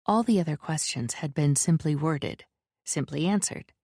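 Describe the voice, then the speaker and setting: Woman audiobook narrator: low, slow, measured, dry studio read. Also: expressive, darkish tone, no room sound. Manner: measured, descriptive reading. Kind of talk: scripted narration.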